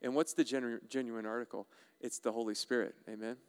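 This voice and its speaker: A man preaching a sermon as a pastor, animated and playful, often putting questions to the congregation. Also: medium pitch, fast, clean tone. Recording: resonant voice with long hall reverb.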